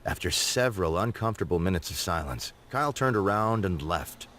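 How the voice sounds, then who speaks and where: Lively dry-witted male game narrator. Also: sits low, a little fast, background noise. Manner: expressive, dry comic narration. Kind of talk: scripted storybook narration.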